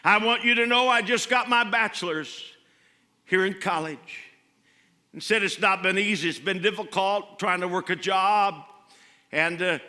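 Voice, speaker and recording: High, bright-voiced preacher in a church. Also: male voice. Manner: storytelling, swelling to fervent calls. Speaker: pastor. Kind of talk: sermon. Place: church sanctuary. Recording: church hall reverb.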